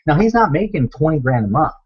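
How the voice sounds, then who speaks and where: A man's voice: on the high side, big pitch swings, quick pace, husky, highs cut off. A man coaching viewers on a live stream, talking emphatically, repeating himself and calling them guys. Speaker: online business coach. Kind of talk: motivational live stream talk.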